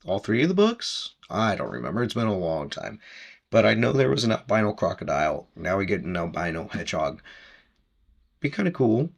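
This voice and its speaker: A man's voice: fairly low pitch, sing-song, brisk, gravelly. A man hosting a podcast, casually recapping a book chapter in a rambling, chatty way with easy laughs.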